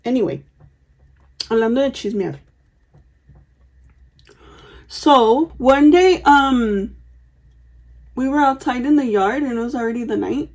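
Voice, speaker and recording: A woman's voice: a little high, lively intonation, slow, long pauses, a little mellow. Chatty young woman, swearing storyteller. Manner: chatty, swears freely, lots of fillers and asides. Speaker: vlogger. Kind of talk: get-ready-with-me storytelling.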